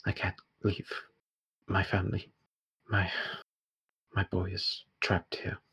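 A man voicing a terrified half-elf woman who speaks in a hushed, halting, stammering way. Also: low-pitched, monotone, breathy edge, dry recording, full character voice. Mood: frightened, hushed.

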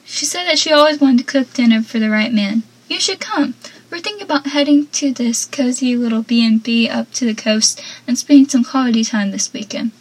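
A woman's voice: fairly high pitch, brisk, husky, low-quality recording. A woman reading out the lines of a cocky teenage boy who teases and then bluntly confronts his best friend. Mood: teasing. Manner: teasing, then blunt and annoyed.

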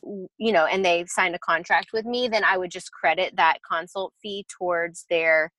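A woman's voice: lowish voice, fairly even intonation, normal speed, a bit bright, no room sound, rough recording. A woman interior designer explaining her work process in a casual interview, chatty and full of fillers and restarts.

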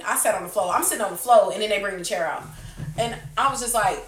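A woman podcast host in a loose chat with friends, telling a story with big energy and putting on quick voices for the people in it. She swears freely and never slows down for polish. The sound is roomy and a bit distant from the mic. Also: medium pitch, a little hiss or hum.

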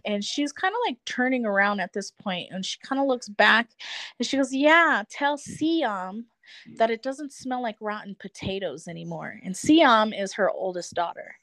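A woman's voice: mid-range voice, moderate pace, fairly bright tone, no echo. A woman in her thirties, a guest on a talk show, telling a personal story in a chatty way with many fillers and easy laughs. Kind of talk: casual storytelling.

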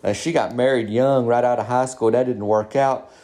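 A man's voice: mid-range voice, fairly even intonation, normal speed, warm tone. A man with a drawl tells a meandering comic story in character. He talks in a folksy, down-home way, with an ordinary mid-range voice and easy pacing. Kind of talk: first-person comedic monologue in character.

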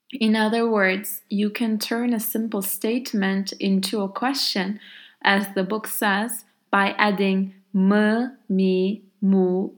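A woman's voice: medium pitch, flat delivery, takes it slowly. A woman whose first language is Turkish, teaching a grammar lesson in English and patiently spelling out each example step by step.

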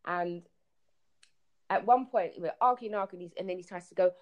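Brief: woman, storytelling guest on a call-in podcast, animated, plays out dialogue. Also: lowish voice, a little fast, lo-fi sound. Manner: animated storyteller, acts out quotes. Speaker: guest telling travel stories. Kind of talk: casual podcast chat.

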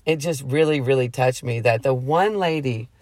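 A woman's voice: rumbling low, moderate pace, darkish tone, no echo. A woman who works a drive-thru, telling a story in a rambling, earnest way full of fillers. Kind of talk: casual chat.

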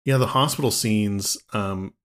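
A man's voice: lowish voice, unhurried, fairly bright tone. A man hosting a casual podcast about a film, joking around. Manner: jokey, slips into silly voices. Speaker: podcast host. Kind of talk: casual movie discussion chat.

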